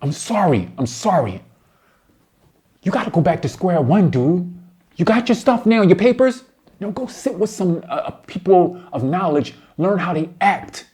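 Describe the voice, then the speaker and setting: Brief: man with a higher voice, indignant commentator, lectures bluntly, swings from low muttering to loud outbursts. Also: sing-song, unhurried, slightly rough. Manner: addresses his target directly, slangy and blunt. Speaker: commentator responding to a debate. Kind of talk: heated reaction commentary.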